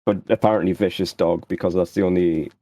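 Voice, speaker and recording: Mellow-voiced man rambling jokily. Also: sits low, fairly even intonation, fast, no room sound. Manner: joking, rambling, hesitant. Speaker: player. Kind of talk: casual game chat.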